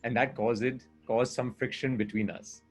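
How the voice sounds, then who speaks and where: A man's voice: medium pitch, steady tone, moderate pace, soft background music. A man speaking as a communication coach in a conversation, earnest and explaining with examples and rhetorical questions.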